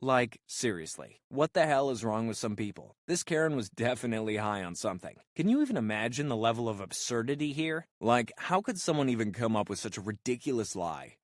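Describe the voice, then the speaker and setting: A man narrating a story in an even, conversational manner. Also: mid-range voice, a little fast, few pauses, dry recording, clean studio sound.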